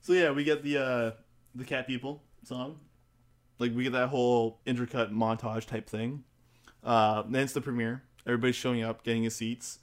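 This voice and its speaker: A man at an ordinary middle pitch, talking loosely with a friend about a film. He laughs often, swears freely and slips into the characters' lines as he retells the scenes. His delivery is relaxed and conversational. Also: moderate pace. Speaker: podcast co-host recapping a film. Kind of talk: casual chat.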